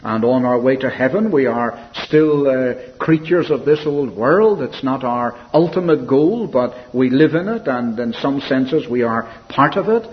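Animated male preacher, lo-fi recording. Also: medium pitch. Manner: earnest, reflective preaching with soft, slowed quotations. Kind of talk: sermon. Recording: dull lo-fi recording with faint hiss.

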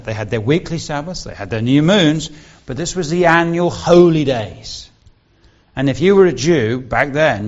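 A man preaching an expository sermon, patiently walking listeners through each point. His voice sits at an ordinary middle pitch and climbs whenever he stresses a key word. The recording is dull and lo-fi. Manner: earnest, explanatory, rises and stresses key words. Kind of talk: expository Bible teaching sermon.

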